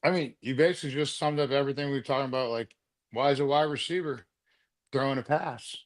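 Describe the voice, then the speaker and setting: A man's voice: medium pitch, fast. A man in his forties, a former football player co-hosting a podcast, talking bluntly with lots of swearing and teasing. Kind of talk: casual sports chat.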